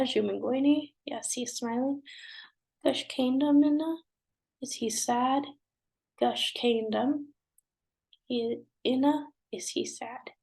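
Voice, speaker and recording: A stuffy-nosed woman with a fairly high voice and a darkish tone teaches a language lesson. She patiently repeats each phrase and translates it in slow repetition drills.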